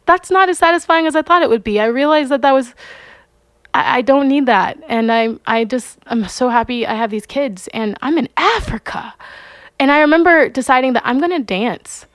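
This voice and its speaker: A fairly high-pitched young woman talks through her memories as a podcast guest, lively and unscripted. She leans on "like" and slips into the voices of the people in her story. The sound is dry and close, with no room around her. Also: no echo. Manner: animated, acts out quoted voices, frequent "like". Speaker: podcast guest, singer-songwriter. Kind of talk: casual storytelling interview.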